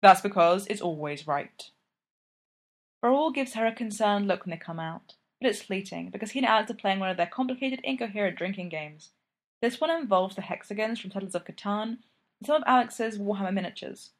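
Woman reading a story out loud, calm, even. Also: medium pitch, brisk. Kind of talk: fan fiction reading.

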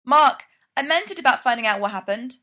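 A woman's voice: high voice, lively intonation, fairly quick, sharp tone. A woman voicing a dutiful male engineering lead, earnest and apologetic.

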